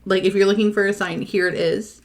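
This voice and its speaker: A woman co-hosting a library podcast in casual chat, gushing and emotional, jumping between quick bursts and drawn-out words. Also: medium pitch, steady tone, creaky. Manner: gushing, talks fast then drawls, emotional. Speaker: podcast co-host, library staff.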